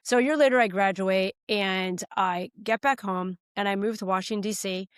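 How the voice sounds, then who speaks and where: A woman's voice: mid-range voice, steady tone, moderate pace, clean tone, no room sound, studio quality. An American woman, a political candidate, telling a heartfelt personal story as a podcast guest, earnest and at times choked up. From United States.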